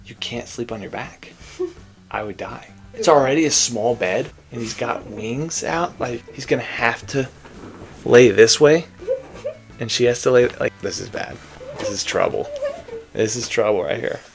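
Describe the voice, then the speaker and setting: A man's voice: mid-range voice, a little slow, gravelly. A man casually reacting to a fantasy romance novel he is reading, joking and laughing a lot. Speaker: book reviewer, reader.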